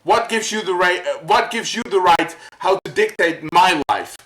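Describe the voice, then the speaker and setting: A man ranting to camera as a vlogger, worked up and halting, repeating his words as he goes. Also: high-pitched, bright, forceful tone, roomy sound, rough recording. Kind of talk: angry rant to camera.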